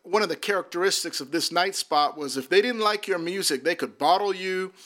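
Bright-voiced man telling his testimony. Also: sits high, brisk. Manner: earnest, repeats words as he restarts. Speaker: minister. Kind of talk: personal testimony storytelling.

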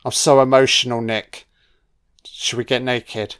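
Man doing a sultry fake-teary woman, hushed and mocking, mid-range pitch. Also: little pitch movement, unhurried, clear, resonant tone, natural voice. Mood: mocking seductive. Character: seductive woman faking tears, pleading.

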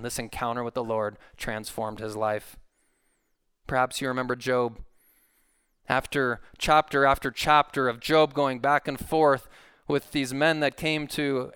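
A man's voice: medium pitch, level tone, moderate pace, fairly bright tone, clear, resonant tone, no room sound, studio quality. A male pastor preaching a sermon, earnest, his voice rising when he quotes scripture.

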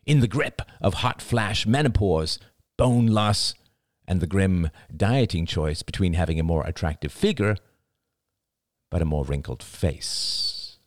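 A man with a low voice narrates an audiobook close to the mic. He takes his time, swinging widely in pitch and sinking to a hush for emphasis. The sound is dry, with no room around it. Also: lively intonation, no echo. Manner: measured, deliberate, dropping to a hush for emphasis.

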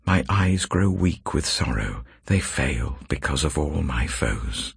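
A man slowly and solemnly reading scripture aloud, with a very deep, gravelly, husky voice. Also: no echo, clean studio sound. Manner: slow, measured, expressive reading. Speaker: scripture reader.

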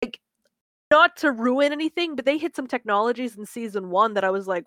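A woman's voice: a little high, a little fast, fairly bright tone, no room sound, studio quality. A woman co-hosting a podcast in casual chat, gushing and swearing, rambling with fillers. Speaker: podcast co-host.

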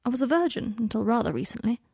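A woman reading the lines of a guarded, sharp-tongued young wizard in an audiobook of fan fiction, speaking softly and often half in a whisper. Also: a little high, big pitch swings, very fast, breathy edge, no echo, studio quality, exaggerated voice. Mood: wry.

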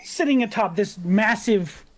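Lively woman game master narrating. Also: unhurried, over a noisy crowd. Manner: descriptive, laughs often, lively pitch.

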